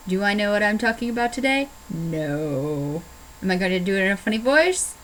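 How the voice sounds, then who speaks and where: A young Canadian woman chatting casually on her vlog, playful and rambling, often jumping into high excited tones. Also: brisk, slight background noise, rough recording. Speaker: vlogger.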